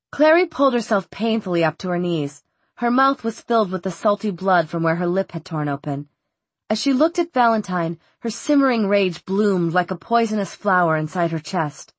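A woman narrating a young-adult fantasy novel in a steady, even storytelling manner. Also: medium pitch, normal speed, dry recording. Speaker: audiobook narrator. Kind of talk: scripted narration.

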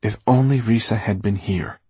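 A man narrating a novel aloud with expressive storytelling. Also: lowish voice, normal speed, slightly rough, dry recording. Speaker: audiobook narrator. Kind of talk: scripted narration.

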